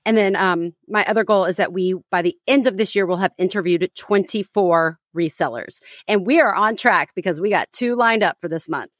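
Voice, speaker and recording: A woman's voice: medium pitch, normal speed, hardly any pauses, dry recording. A woman in her thirties chats with her co-host on a casual podcast, teasing and rambling through fillers and restarts. Her mid-range voice is recorded close and dry, with no room around it. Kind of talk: casual chat.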